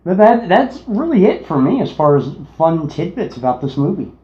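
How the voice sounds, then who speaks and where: A man co-hosting a casual movie review, unhurried, sharing trivia. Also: on the high side, sing-song, mellow. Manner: unhurried, shares trivia tidbits. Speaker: podcast co-host. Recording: echoey room, dull lo-fi sound.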